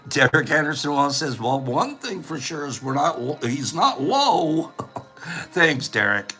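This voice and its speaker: A man hosting a casual livestream in a bright, lively voice that swings up and down in pitch. He talks slowly and playfully, laughing often as he reads out viewers' comments. Faint music runs underneath. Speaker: livestream host. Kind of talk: casual chat.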